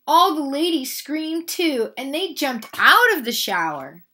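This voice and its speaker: Woman, children's book read-aloud, lively pitch, slow, bright. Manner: animated and expressive, addresses young listeners.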